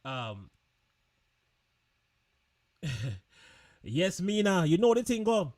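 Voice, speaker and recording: Chatty male host of a live online show. Fairly high voice, loose and informal. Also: sing-song, drawn-out words, darkish tone. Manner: chatty, loose, laughing, repeats words. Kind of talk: casual live-stream chat.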